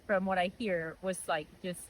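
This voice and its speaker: A woman's voice: lowish voice, moderate pace, a little hiss or hum, low-quality recording. A young woman giving a personal faith testimony in a conversational, earnest way. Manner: earnest, animated retelling with voiced quotes.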